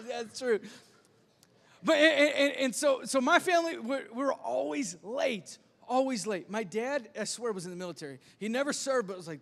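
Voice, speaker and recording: A man's voice: extremely high pitch, expressive, normal speed, gravelly, fairly bright tone, long reverb tail. A man preaching a sermon as pastor, telling self-deprecating stories with lots of stammered restarts. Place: church sanctuary.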